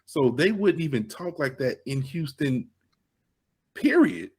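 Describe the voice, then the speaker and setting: A man co-hosting a casual movie podcast, talking in a relaxed, joking way. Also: a little high, unhurried, husky. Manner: relaxed, joking, laughs often. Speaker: podcast co-host.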